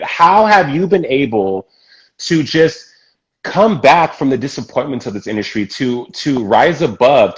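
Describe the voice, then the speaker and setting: A man's voice: medium pitch, dull audio. Effusive man hosting an interview. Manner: effusive, emphatic, encouraging. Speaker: podcast host. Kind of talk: casual interview chat.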